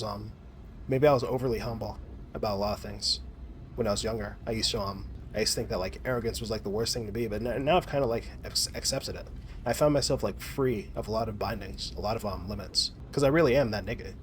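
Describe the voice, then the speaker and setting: A lowish male voice with slight background noise. This American gaming vlogger rambles casually while he plays, cursing a lot, restarting sentences often, and leaning on fillers.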